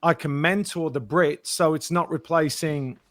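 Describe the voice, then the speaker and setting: A man, an actor guest, telling lively anecdotes in an interview and acting out the quotes. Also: a little high, unhurried, no echo. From Britain. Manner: animated storyteller, acts out quotes.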